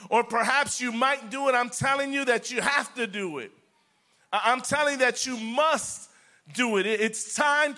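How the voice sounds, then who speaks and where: A man preaching to his congregation in a high voice with a bright, forceful edge. He swings from near-whispers to loud declarations and drives his points home by repeating words over and over. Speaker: pastor. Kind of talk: sermon.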